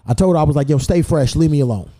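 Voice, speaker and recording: Young guy hosting a podcast, cussing and heated, kinda high voice. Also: racing, dark tone. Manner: profane, heated storytelling with laughs. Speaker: podcast host. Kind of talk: casual storytelling chat.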